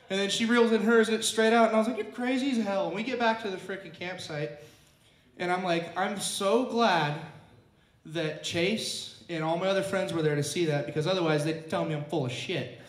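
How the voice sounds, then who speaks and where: Young man, high-pitched storyteller, crude and animated, roomy echo. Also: fast talker. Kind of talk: storytelling to a live audience. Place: roomy clubhouse. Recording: echoey room.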